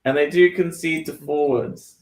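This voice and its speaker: A man's voice: fairly high pitch, steady tone, moderate pace. A man co-hosting a casual fantasy football podcast, musing aloud, laughing often and trailing off. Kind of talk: casual chat. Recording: echoey room.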